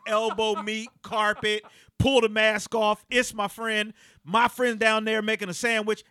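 A man hosting a studio talk show, telling a story with great energy and acting out the quotes with sudden loud outbursts. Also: high-pitched, no echo. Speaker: radio show host. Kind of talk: animated casual studio banter.

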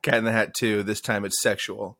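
A man co-hosting a podcast, playful and quick with jokes in casual banter. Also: on the low side, level tone, sharp tone, no room sound, clean studio sound. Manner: playful, does silly voices. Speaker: podcast co-host.

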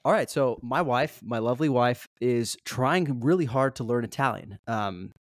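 A man's voice: medium pitch, normal speed, no echo, studio quality. A man co-hosting a podcast, telling candid self-mocking stories in casual chat, full of fillers and asides. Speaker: podcast co-host.

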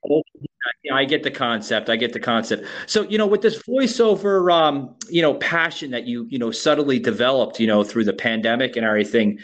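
A man's voice: mid-range voice, animated, brisk, a bit bright. An American man from Florida hosting a podcast, talking casually with many repeats and "you know". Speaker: podcast host. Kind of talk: casual interview chat.

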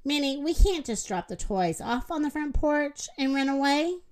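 A woman's voice: sits high, lively intonation, moderate pace. A woman voicing an eager, earnest female cow who is always full of ideas, in a read-aloud storybook.

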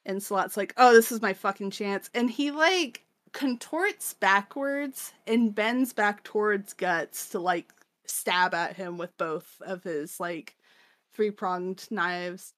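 A woman's voice: mid-range voice, slow pace, a bit bright, no room sound, clean studio sound. A woman co-hosting a podcast, recapping a manga in loose, profane casual chat and acting out the characters' lines. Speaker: podcast co-host.

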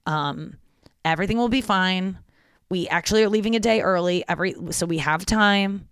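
Smooth-voiced woman telling a rambling story. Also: on the low side, moderate pace, dry recording, clean studio sound. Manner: rambling, lively, heavy use of "like" fillers. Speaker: podcast host. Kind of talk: casual comedic storytelling.

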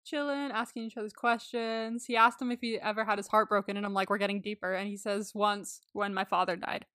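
In a casual podcast recap, this co-host talks animatedly, curses freely, laughs a lot, and performs the quotes she mentions. Her medium-pitched, somewhat bright voice moves fairly quickly with fairly even intonation, captured at studio quality with no room sound.

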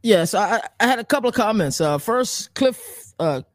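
A man co-hosting a sports podcast, laying out his picks in a measured way with facts and stats. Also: sits high, animated, no room sound. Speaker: podcast co-host. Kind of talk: casual sports chat.

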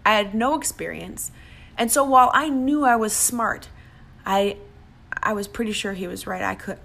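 Creaky-voiced woman giving a motivational talk. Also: mid-range voice, fairly bright tone. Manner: emphatic, acts out quoted voices. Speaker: motivational speaker.

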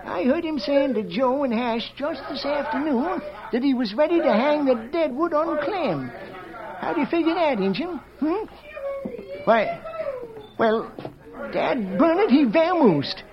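An actor playing an old, gossipy saloon swamper in a muffled old radio drama, with a folksy chattering drawl. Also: male voice, very high voice, animated, unhurried, a crowd in the background, full character voice. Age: older. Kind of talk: 1940s radio acting.

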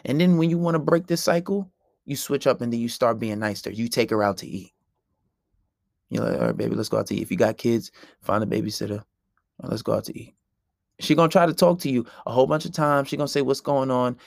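Podcast host, male, brash and profane, preachy delivery, gravelly voice. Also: medium pitch, quick pace, dry recording, studio quality. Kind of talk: solo podcast rant.

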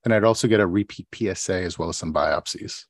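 A man's voice: low voice, fast talker, slightly rough, dry recording, clean studio sound. A man co-hosting a podcast, talking loosely with plenty of fillers and restarts. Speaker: podcast co-host. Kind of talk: casual podcast chat and mock oral exam.

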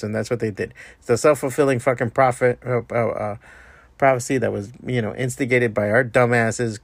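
A man's voice: medium pitch, no room sound. A man hosting a solo podcast, delivering a profane, exasperated rant. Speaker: podcast host. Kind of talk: ranting solo podcast monologue.

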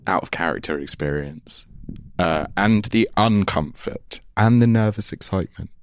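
Deep-voiced chatty host. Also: male voice, moderate pace, dry recording, clean studio sound. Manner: chatty, laughs often, swears casually. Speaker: podcast host, touring musician. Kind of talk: casual podcast conversation.

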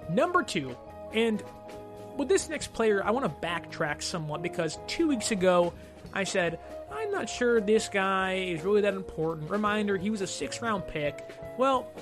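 High-voiced man hedging on sports talk. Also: very animated, moderate pace, over music. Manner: opinionated but hedging, thinks aloud. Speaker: sports podcast host.

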